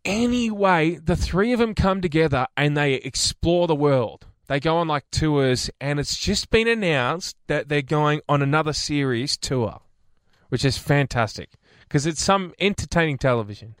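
A man's voice: on the high side, expressive, moderate pace, no room sound, studio quality. Teasing Australian male radio host. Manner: storytelling, teasing, stumbles over names. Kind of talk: casual banter.

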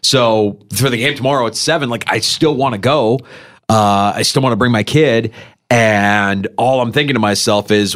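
Chatty middle-aged man. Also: medium pitch. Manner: animated, quick to mimic voices in quotes. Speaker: co-host. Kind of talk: casual sports radio chat.

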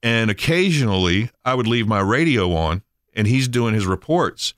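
A man hosting a radio show, chatting casually and telling animated stories. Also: lowish voice, normal speed, dry recording, clean studio sound. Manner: storytelling, animated in anecdotes.

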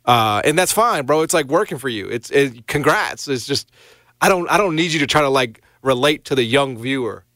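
A man's voice: medium pitch, lively intonation, normal speed, bright, forceful tone, no room sound. A man co-hosting a casual sports talk show, rambling and full of "like" and "you know". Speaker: podcast co-host.

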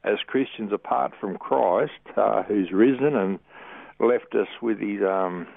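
An Australian man calling in to a radio show, talking in a friendly, rambling, halting way. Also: lowish voice, gravelly, no room sound. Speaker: caller. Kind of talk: call-in radio talk. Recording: tinny phone line.

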